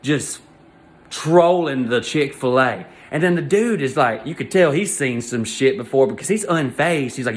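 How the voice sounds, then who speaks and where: A man's voice: medium pitch, moderate pace. Guy ranting a funny embarrassing story, exasperated, cussing a lot. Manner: animated, exasperated rant with crude jokes. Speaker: comedian. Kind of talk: comedic storytelling monologue.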